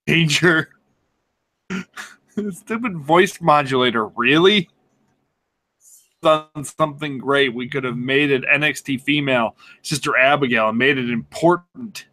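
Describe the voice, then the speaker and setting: Sarcastic, excitable male podcast co-host. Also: medium pitch. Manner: excited, sarcastic, swears and laughs often. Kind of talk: casual sports chat.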